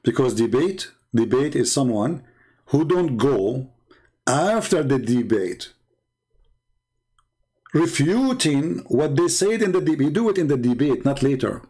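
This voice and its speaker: A man hosting a debate livestream, talking in a mocking, scornful and emphatic way, with non-native English and broken grammar, his voice slightly hoarse. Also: mid-range voice, big pitch swings, a little slow, mellow. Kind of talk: livestream commentary while calling viewers.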